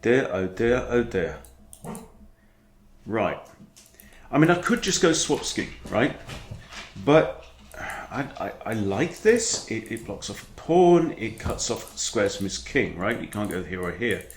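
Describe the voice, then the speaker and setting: Lively chatty man, echoey room. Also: fairly low pitch, measured pace. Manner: chatty, animated, breaks off to scold his dog. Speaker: chess coach. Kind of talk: casual game commentary.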